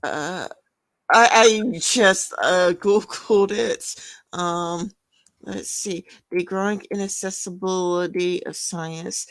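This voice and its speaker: A woman's voice: on the low side, slow, a bit bright, no room sound. A woman co-hosting a podcast in casual chat, rambling with lots of fillers like "you know". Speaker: podcast co-host.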